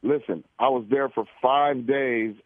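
A man's voice: mid-range voice, steady tone, a little slow. A man, a musician being interviewed on the radio, talking in a casual, rambling way and often asking "you know what I mean". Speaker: musician guest. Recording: tinny phone-like line.

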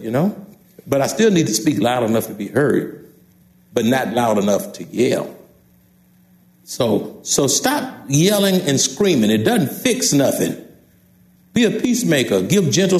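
A man's voice: mid-range voice, darkish tone. A man in his sixties with a Texan accent, preaching an emphatic sermon from the pulpit and repeating key phrases straight to the congregation. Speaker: pastor. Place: church sanctuary. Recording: echoey church sanctuary.

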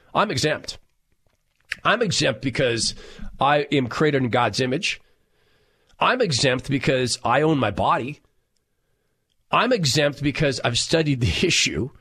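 A middle-aged man hosting a talk radio show, telling stories and reading listener texts in a loud, animated way. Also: mid-range voice, husky.

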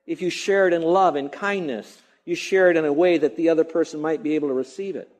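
A man's voice: on the high side, fast, a little mellow, rough recording. A man preaching a sermon as a pastor, emphatic and repetitive, now and then mimicking grumbling.

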